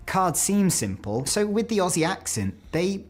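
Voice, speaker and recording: A man's voice: high voice, big pitch swings, a little slow, soft background music. A British man from the UK presenting a chatty, self-mocking video about how words are pronounced. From United Kingdom. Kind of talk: scripted video commentary on word pronunciations.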